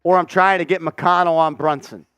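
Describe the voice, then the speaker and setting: A man hosting a fan watch party, calling play-by-play in an excitable, profane, mocking way. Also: on the high side, normal speed, clear, resonant tone, no room sound.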